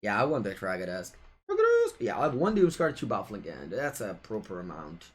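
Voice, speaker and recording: A man's voice: fairly low pitch, very animated, a little fast. A man with an Italian accent commentating his own card game live, playful and chatting with viewers as he taunts his opponent. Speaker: streamer and card game player. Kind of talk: live-streamed gameplay commentary.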